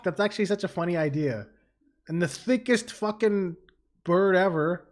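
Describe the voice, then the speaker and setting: A man streaming a video game, giving excitable commentary with plenty of swearing. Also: high voice, moderate pace. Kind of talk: let's play commentary.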